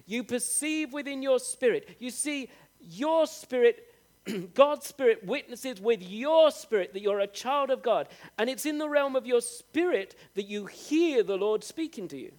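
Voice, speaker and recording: High-voiced preacher delivering a sermon. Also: male voice, lively intonation, darkish tone. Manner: earnest, direct address to the congregation; rises with emphatic, drawn-out phrases.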